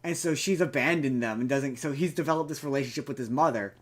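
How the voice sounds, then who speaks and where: A man's voice: mid-range voice, fast. A young man co-hosting a podcast, recapping a movie plot in a loose, rambling way full of fillers and restarts. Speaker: podcast co-host. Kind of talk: casual movie chat.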